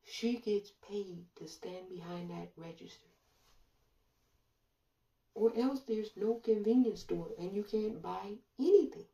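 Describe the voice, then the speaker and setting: A woman commentator delivering a sarcastic monologue full of rhetorical questions and drawn-out pauses. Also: medium pitch, creaky, dark tone, recorded from a distance. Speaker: online commentator. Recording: roomy echo, voice away from mic.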